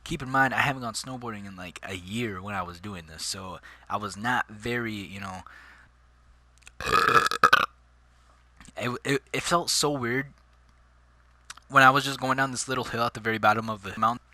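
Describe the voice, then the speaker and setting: A man's voice: on the low side, normal speed, long pauses, bright, forceful tone, dry recording. A man telling a personal story in casual, slangy vlog chat, calling his listeners dude and bro. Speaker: vlogger.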